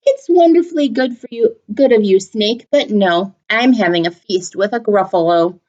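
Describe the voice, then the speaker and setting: A woman's voice: medium pitch, normal speed, a little mellow, lo-fi sound, lightly acted. A woman reading aloud and voicing a small, clever, boastful mouse. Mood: confident.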